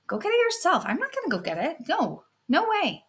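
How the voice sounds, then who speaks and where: A woman voicing a rude, spoiled girl who whines loudly and brattily. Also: extremely high pitch, huge pitch swings, brisk, voice pushed up, exaggerated voice. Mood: bratty. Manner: whiny, bratty, loud. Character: rude, spoiled teenage girl, the mean sister.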